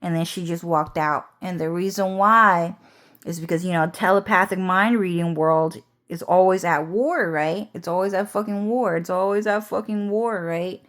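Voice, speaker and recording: A woman vlogger telling a personal story in a rambling, casual monologue, swearing often and filling pauses with "um" and "so anyways". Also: on the low side, fairly even intonation, fairly bright tone. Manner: rambling, profane, frequent "so anyways" and "um".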